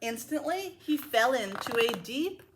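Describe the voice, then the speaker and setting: Expressive woman reading a picture book. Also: sits high, unhurried, noisy background. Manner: expressive and playful with asides to listeners. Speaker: school librarian. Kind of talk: children's book read-aloud.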